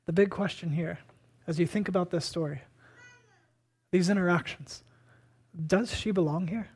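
Emphatic preacher swinging hushed to loud. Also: mid-range voice, moderate pace, slightly rough. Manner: asks and answers rhetorical questions. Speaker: pastor. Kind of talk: sermon.

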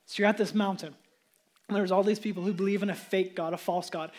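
A male pastor giving a sermon in a lively, conversational storytelling manner. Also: sits high, fast talker.

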